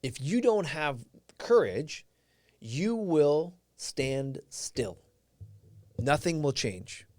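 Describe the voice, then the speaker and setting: A man's voice: on the high side, big pitch swings, very slow, a little mellow, no echo. A man whose first language is Portuguese, hosting a live stream and giving an earnest, reflective motivational talk while answering viewers' comments.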